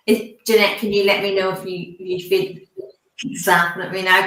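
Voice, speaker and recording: A woman giving a live mediumship reading in a halting, soothing way, pausing on fillers and checking in with her sitter. Her voice sits in an ordinary middle pitch and rings in a roomy, echoey space. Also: fairly even intonation. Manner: halting, gently reassuring, asks permission often. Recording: roomy echo.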